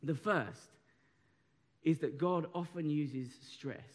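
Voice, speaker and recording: Male preacher, young, animated and chatty, slightly high voice. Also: slow pace. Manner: animated, conversational, audience participation. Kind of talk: sermon.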